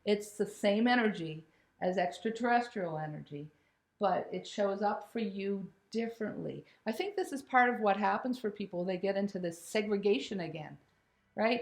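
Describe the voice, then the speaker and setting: A woman telling a personal spiritual story in a candid, animated way, swearing casually and laughing as she goes. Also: mid-range voice, moderate pace, gravelly. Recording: roomy echo.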